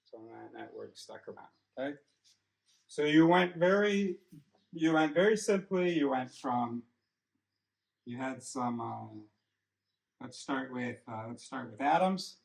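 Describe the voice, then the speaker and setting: A man's voice: mid-range voice, expressive, a little slow, gravelly, pauses often. Man lecturing in an echoey car. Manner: explains step by step, checks in with "okay?" often. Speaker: son explaining a theory to his father. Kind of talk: casual lecture during a drive. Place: inside a car on the road. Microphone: dashcam mic.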